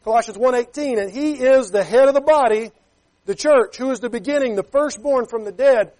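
A man's voice: very high-pitched, fairly quick, a little mellow. A man preaching a sermon as a pastor. He talks emphatically, keeps checking with "Okay?", and reads scripture in King James wording.

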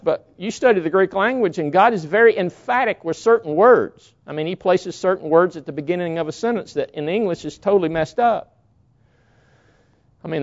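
A man with a high-pitched, slightly mellow voice preaches a sermon emphatically, often acting out short quotes to drive his points home. The recording sounds dull and lo-fi.

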